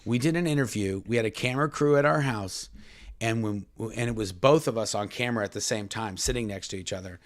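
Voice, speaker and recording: Low-voiced male podcast co-host. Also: fast talker. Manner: chatty, reads viewer comments aloud, addresses "folks". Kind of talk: casual live Q&A chat.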